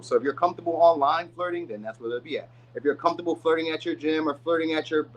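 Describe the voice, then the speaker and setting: A man's voice: on the high side, low-quality recording. A man giving a casual, rambling tarot reading. He uses slang and often says "you know what I mean.". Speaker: tarot reader.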